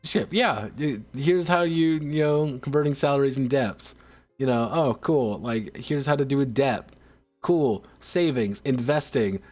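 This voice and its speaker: A man's voice: mid-range voice, measured pace, a little mellow. Male streamer, sarcastic, swears a lot, rambling, restarts, faint music underneath. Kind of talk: casual ranting commentary.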